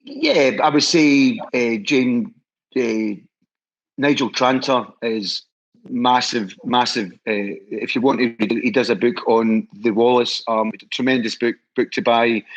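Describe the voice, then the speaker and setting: Speaking at a measured pace in a medium pitch over dull audio, a guest from Scotland who runs a historical society tells stories in a chatty, enthusiastic way. He rambles and keeps restarting his thoughts.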